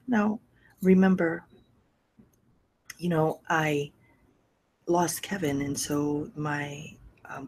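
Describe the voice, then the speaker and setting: A middle-aged woman hosting a podcast, telling a personal story candidly and emotionally, often sinking to a soft, breathy near-whisper. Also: low-pitched, slight background noise, rough recording. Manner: repeats phrases for emphasis, swears freely. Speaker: podcast host.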